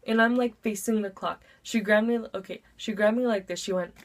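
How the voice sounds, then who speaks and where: A woman's voice: mid-range voice, brisk. A teenage girl telling a storytime vlog story. She talks in a chatty, breathless rush, fills it with "like", and jumps into dramatic voices for the big moments. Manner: dramatic voice swings into acted quotes. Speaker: vlogger.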